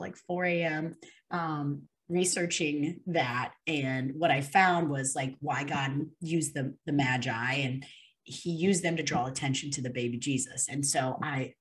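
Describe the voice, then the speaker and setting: A young woman with a notably low-pitched voice recounts a personal story as an interview guest. She talks in an earnest, unpolished way, full of ums, likes and restarts. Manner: earnest, with many fillers and restarts.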